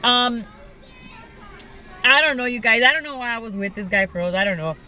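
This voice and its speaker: A woman's voice: on the high side, lively intonation, normal speed, sharp tone, soft background music, rough recording. A young woman casually telling a personal story to her viewers, chatty and full of "like" and "you guys". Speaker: vlogger.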